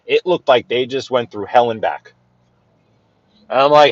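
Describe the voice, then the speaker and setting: A man's voice: medium pitch, brisk, no echo, lo-fi sound. A man giving rambling, playful commentary from inside his car while driving through the city. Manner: chatty, rambling, with frequent restarts and playful asides. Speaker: driving vlogger giving a live tour. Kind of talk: casual live-stream driving commentary.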